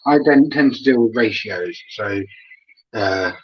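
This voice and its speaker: A relaxed man talks viewers through a recipe in a loose, chatty way. His voice is husky. The sound is a bit dull and lo-fi. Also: fairly low pitch, a little slow. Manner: relaxed, chatty, laughs often. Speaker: cooking show host. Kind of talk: casual live cooking demo.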